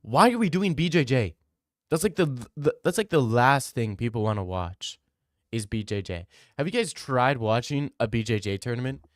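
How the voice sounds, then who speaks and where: A man's voice: medium pitch, expressive, normal speed, no room sound, studio quality. Rambling young man reading live chat. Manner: rambling, opinionated, repeats himself. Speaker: streamer.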